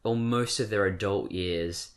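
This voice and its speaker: A man's voice: fairly low pitch, a little slow. An English-accented man in his twenties holds a casual chat. He rambles, stops to correct himself and fills gaps with ums. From born in Britain, raised in Australia. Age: 20s. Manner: rambling, self-correcting, frequent fillers. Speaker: podcast co-host. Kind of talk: casual discussion.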